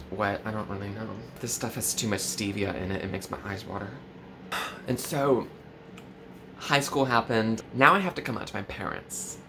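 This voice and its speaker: A young man talking straight to the camera in a mock-earnest, confessional tone. He leans on valley-girl fillers and his pitch jumps up sharply, while faint noise sits behind him in a small room. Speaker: comedy vlogger. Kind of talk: parody confessional vlog.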